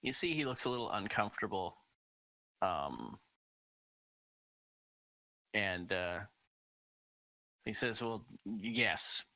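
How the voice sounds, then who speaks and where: A man running a tabletop game, narrating in a relaxed way with plenty of ums and uhs. His voice is low-pitched and unusually bright, and he talks slowly. The recording is close and dry. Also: no room sound, poor audio. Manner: relaxed, filler-heavy narration. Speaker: game master.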